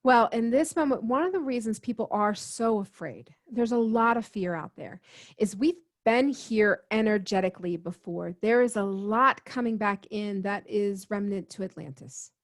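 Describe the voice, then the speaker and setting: Woman guest, earnest storyteller, acts out quoted lines, mid-pitched easy voice. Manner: earnest, quotes herself and others in dialogue. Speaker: guest healer. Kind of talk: conversational storytelling.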